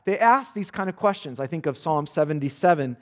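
A man's voice: on the high side, animated, a little fast. A man preaching a sermon, earnest and intense, repeating words as he builds each point. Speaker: pastor. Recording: long hall reverb.

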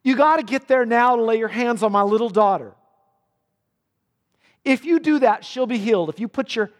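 A man's voice: fairly high pitch, animated, measured pace, long reverb tail. A man voicing a desperate father begging for help for his dying daughter, urgent and pleading.

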